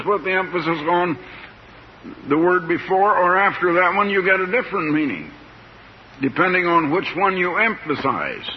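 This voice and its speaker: An older man preaching a sermon in a slow, plain-spoken, folksy way, stretching out words for emphasis. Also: high voice. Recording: dull lo-fi tape with faint hiss.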